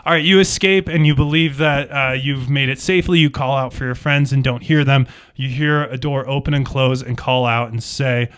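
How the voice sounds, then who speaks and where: Game master, male, mid-pitched voice, narrates dramatically in second person. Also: fairly even intonation, normal speed, hardly any pauses, a bit bright, clean tone.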